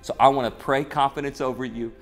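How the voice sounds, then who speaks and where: A man's voice: mid-range voice, steady tone, fast, soft background music. A man speaking as a pastor in a short online devotional sermon, earnest and conversational, retelling scripture with animation.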